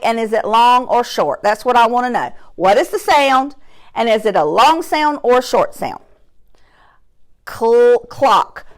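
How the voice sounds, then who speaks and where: A woman teaching a phonics lesson to young children, stretching out sounds and words slowly and clearly while seated at her desk. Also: fairly high pitch. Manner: slow, drawn-out sounds, emphatic. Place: classroom or home desk, seated in chair.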